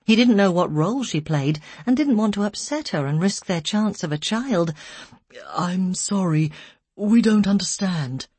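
A woman reading a story aloud in slow, somber scripted narration. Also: mid-range voice, lively intonation, darkish tone, slightly rough, dry recording. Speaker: audiobook narrator.

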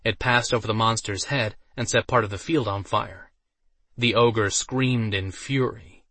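A man narrating a fantasy story in a steady, even storytelling manner. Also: on the low side, measured pace, no room sound. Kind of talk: audiobook narration.

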